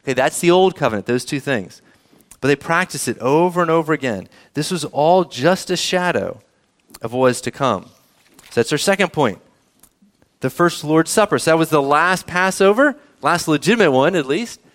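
A man's voice: a little high, animated, moderate pace, a bit bright. A man preaching a sermon in a conversational way, often asking the congregation questions. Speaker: pastor.

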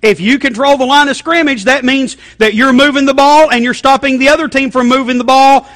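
A man's voice: very high voice, expressive, normal speed, fairly bright tone, long reverb tail, pitched above the performer's own voice. A man mimicking a male TV football analyst who solemnly states the obvious, in an emphatic, mocking tone. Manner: overly earnest, emphatic, mocking.

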